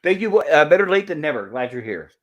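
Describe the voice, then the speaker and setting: A man's voice: fairly high pitch, sing-song, a little fast, muffled recording. A man hosting a live movie review stream, narrating scenes over the film and reading viewer comments aloud. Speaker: livestream host.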